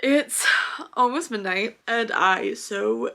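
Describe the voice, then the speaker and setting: A woman's voice: on the high side, slow, creaky, sharp tone. Young woman, book vlogger, gushing, self-dramatizing, casual talk at home. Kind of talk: casual reading vlog. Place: at home in her apartment.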